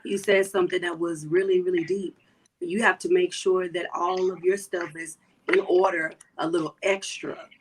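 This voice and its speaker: A woman hosts a panel with a lowish, affirming voice, responding openly to what her guests share. A faint hiss of noise sits under her speech. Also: level tone, moderate pace, poor audio. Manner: affirming, emotional, calls guests kings. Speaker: host. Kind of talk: hosting a panel discussion, video call.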